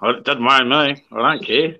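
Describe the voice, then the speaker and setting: A man's voice: mid-range voice, a little fast, sharp tone, poor audio. An Australian man in his sixties chatting on a live stream call, blunt and sprinkling in mate and swear words. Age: 60s. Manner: blunt, swears freely, says mate a lot. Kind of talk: casual chat.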